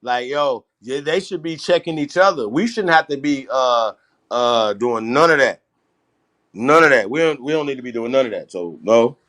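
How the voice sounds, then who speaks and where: A man's voice: mid-range voice, expressive, normal speed, fairly bright tone. A man hosting a livestream, talking bluntly and emphatically, with a lot of swearing. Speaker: host. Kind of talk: livestream political talk.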